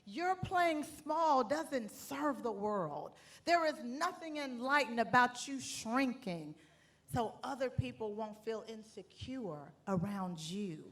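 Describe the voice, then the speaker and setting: Woman keynote speaker, high voice, unhurried, stirring talk to a live crowd. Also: animated. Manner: builds from soft, measured delivery to shouted call-and-response. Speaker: motivational speaker. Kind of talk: inspirational keynote speech. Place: large hall with a live audience.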